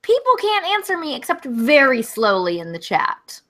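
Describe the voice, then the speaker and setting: A young woman co-hosting a nerdy comedy podcast in a high, bright voice. She chats loosely and laughs a lot. She keeps nudging the talk back to the next topic. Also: very animated, moderate pace. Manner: chatty, laughs often, steers the conversation. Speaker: co-host. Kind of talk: casual comedy podcast chat.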